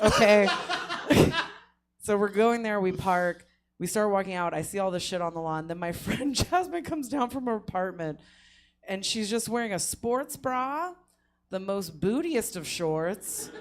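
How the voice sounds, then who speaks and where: A woman's voice: mid-range voice, slight background noise. A woman telling a funny story on a comedy show, laughing often as she goes and putting on voices for the people she quotes. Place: comedy theater stage.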